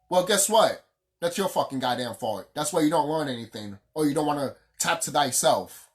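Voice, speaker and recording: A vlogger in the middle of an unscripted rant, with a voice that leaps high and drops low as each point lands. The talk is heated and profane, and the speaker hammers lines home by repeating them. The pitch sits in an ordinary middle range. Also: expressive, moderate pace. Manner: profane, heated and emphatic, repeats phrases for stress.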